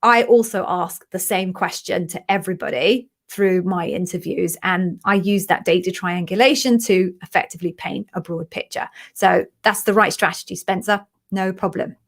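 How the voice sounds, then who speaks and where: A woman's voice: on the low side, normal speed, hardly any pauses. A woman hosting a live question-and-answer stream, chatty and encouraging, openly emotional as she answers viewers. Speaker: livestream host, interview coach.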